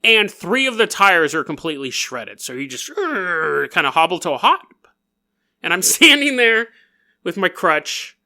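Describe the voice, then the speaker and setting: A bright-voiced man hosts a podcast, spinning a strange tale with a lively, swooping delivery. He giggles through his lines and keeps wandering off on jokey tangents. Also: high voice, measured pace. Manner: riffs and goes off on tangents. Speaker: podcast host. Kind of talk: comedic storytelling narration.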